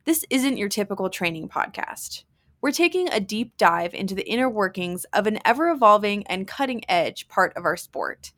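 A woman hosting a podcast, reading a scripted intro and sponsor spot in a smooth, even, polished way. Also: medium pitch, normal speed, dry recording, clean studio sound. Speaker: podcast host and ad reader. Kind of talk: scripted narration.

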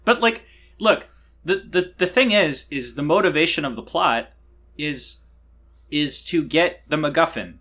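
A man's voice: a little high, measured pace. A man in casual movie review chat, exasperated and swearing often as he rants. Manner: animated, exasperated, swears a lot.

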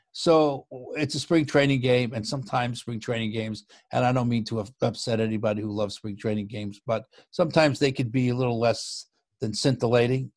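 A man telling a baseball story as an interview guest, animated and growing louder as the tale builds, often restarting his sentences. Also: dry recording, clean studio sound. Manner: lively storyteller who gets louder and higher as the story builds, with frequent restarts. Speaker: guest, former baseball TV broadcast producer.

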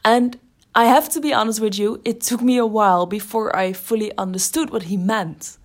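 A woman's voice, set a little high, speaking as a podcast host who teaches creativity. Her delivery is unscripted and thoughtful, with fillers and restarted phrases as she works through an idea. She is middle-aged. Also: fairly even intonation, normal speed. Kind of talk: casual spoken monologue.

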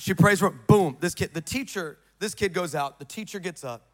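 With a high, brisk voice, a middle-aged male pastor tells a dramatic story from the pulpit of a church during his sermon. He swings from shouting to speaking in hushed tones.

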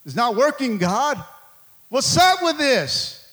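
A man's voice: extremely high pitch, sing-song, slow, bright, forceful tone. A man preaching a fervent sermon to a church, peppering it with calls of amen and stumbling restarts. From Mexico. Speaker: pastor.

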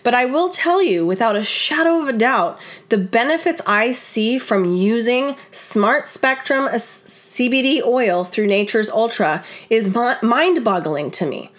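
A woman's voice: a little high, measured pace, few pauses. Chatty woman podcast host. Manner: chatty, animated, many "like" and "you guys". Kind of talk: casual chat.

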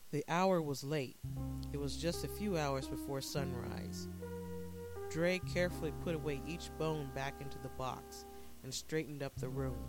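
Man narrating a dark story. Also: fairly high pitch, low-quality recording. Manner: measured, dramatic storytelling.

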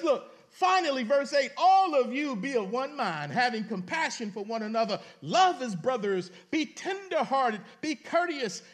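A man with a strikingly high voice delivers a sermon. He reads scripture aloud, then talks straight to the congregation in loose, everyday words, and now and then his voice climbs into a shout. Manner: preaching with dramatic rises and shouts, reading scripture aloud; colloquial, addresses the congregation directly. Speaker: pastor.

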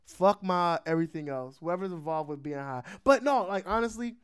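A man hosting a podcast, telling a story in casual chat, animated and swearing, laughing often. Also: sits high, brisk, clear, resonant tone. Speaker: podcast host.

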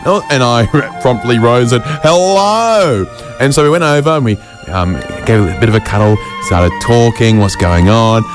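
A man delivering a rambling comic monologue full of quick asides and self-mocking jokes. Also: medium pitch, over music. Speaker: comedian host.

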